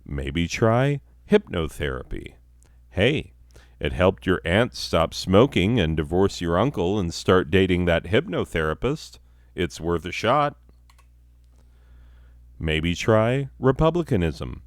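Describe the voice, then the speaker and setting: A man's voice: low voice, big pitch swings, slow pace, dry recording, clean studio sound. A man hosting a comedy podcast, delivering a profane, sardonic satirical monologue and laughing at his own jokes.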